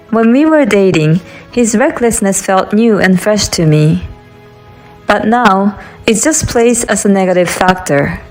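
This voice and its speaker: A woman reading a first-person story aloud in a steady, even scripted narration. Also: mid-range voice. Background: faint background music.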